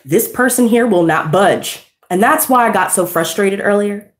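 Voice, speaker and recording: A woman's voice: medium pitch, normal speed, echoey room. A woman giving a tarot reading, ranting bluntly and heatedly with lots of profanity. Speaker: tarot reader. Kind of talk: unscripted tarot reading rant.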